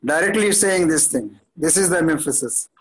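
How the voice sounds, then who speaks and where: Male student in an online class, high voice, hesitant, polite, answering the teacher. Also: expressive, normal speed, slightly rough, low-quality recording. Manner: hesitant, addresses the teacher as sir.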